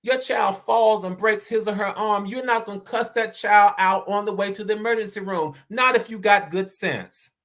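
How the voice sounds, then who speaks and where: A man from the American South with a high, fairly bright voice and a Southern accent hosts a motivational live-stream for his audience. Earnest, he repeats each main point slowly so it sinks in, and now and then he reads out and thanks comments from the chat.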